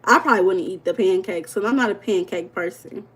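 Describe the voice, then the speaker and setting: A woman's voice: mid-range voice, brisk, fairly bright tone, slightly rough. A woman coach hosting a livestream, speaking in in a playful, teasing way and repeating her questions to viewers in the chat. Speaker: life coach and livestream host.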